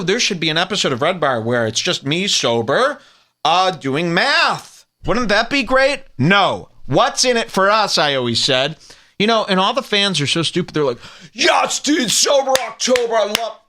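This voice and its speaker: A man rants on a comedy podcast in a mock-outraged, sarcastic way, swearing freely. His voice is bright and sits a little high, and his pitch swoops all over as he works himself up. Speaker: podcast host.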